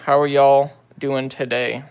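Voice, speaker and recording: This young adult man hosts a livestream from his phone, greeting viewers casually and answering comments in relaxed slang. He talks a little slowly in a mid-range, gravelly voice, level in tone, with clean audio.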